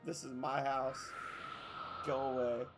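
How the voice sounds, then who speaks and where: A man voicing his grumpy old one-eyed male housecat, as a gruff, threatening tough guy. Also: mid-range voice, flat delivery, slow, over music, lightly acted. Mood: menacing.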